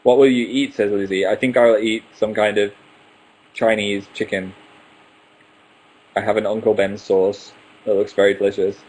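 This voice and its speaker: Chatty young man with a low voice. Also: little pitch movement, moderate pace, long pauses, darkish tone, slight background noise, rough recording. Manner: chatty, answers viewer questions one after another, playful asides. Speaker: livestream host. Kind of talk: casual live Q&A.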